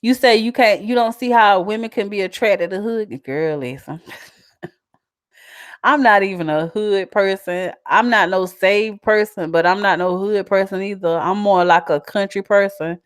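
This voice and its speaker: A woman's voice: medium pitch, moderate pace, clean tone, no echo, studio quality. A woman with a South Carolina country twang, chatting casually and animatedly as she reads out viewer comments and laughs often. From South Carolina, USA. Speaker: vlogger.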